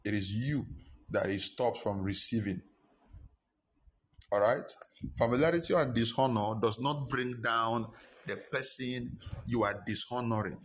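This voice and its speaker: A male pastor, preaching a sermon with impassioned repetition and sudden high-pitched emphasis. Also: unhurried.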